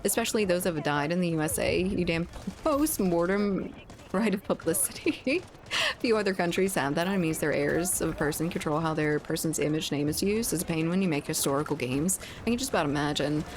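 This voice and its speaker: A woman's voice: fairly low pitch, animated, brisk, a little hiss or hum. A woman streamer chatting casually with viewers while gaming, laughing often and swearing freely.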